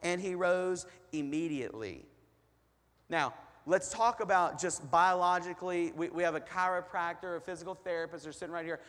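Guy preaching in a church hall, kinda high voice, lots of reverb, asks questions to the room. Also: normal speed, fairly bright tone. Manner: conversational preaching, rhetorical questions. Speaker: pastor. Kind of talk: sermon.

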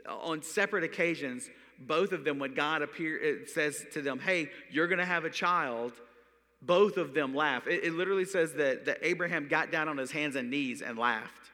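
A man preaching a conversational sermon to a congregation, chatty and animated, acting out quick bits of dialogue as he tells the story. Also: on the high side. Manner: chatty, animated, acts out voices. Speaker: pastor. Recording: long hall reverb.

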